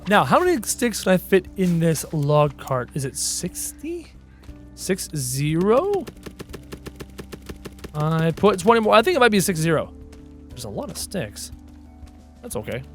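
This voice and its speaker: A man's voice: fairly high pitch, big pitch swings, moderate pace, a bit bright, faint music behind. A man giving casual, playful let's-play commentary, chatty and full of puns, laughing at his own jokes. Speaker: gaming video host.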